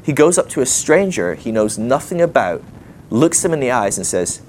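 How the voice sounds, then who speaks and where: A man preaching to a live group in a conversational sermon, animated and chatty, with frequent asides and rhetorical questions. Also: medium pitch, moderate pace, slight background noise. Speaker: guest preacher. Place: teaching session before a live group.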